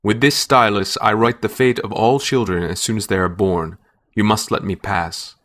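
Brahma, a man voicing a booming creator god. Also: fairly even intonation, a bit bright, close to an everyday voice. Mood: imperious. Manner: commanding, slow and booming. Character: booming four-headed creator god, imperious.

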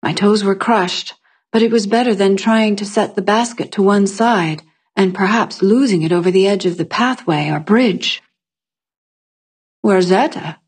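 A woman narrating a fantasy story in the first person, in a measured storytelling manner. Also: medium pitch, slightly rough. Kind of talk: audiobook fiction narration.

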